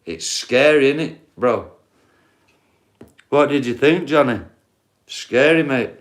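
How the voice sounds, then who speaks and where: A man's voice: mid-range voice, expressive, slow. Sweary Yorkshire man chatting on a livestream. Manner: rambling, sweary storytelling. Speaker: livestream host. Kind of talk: livestream chat with viewers.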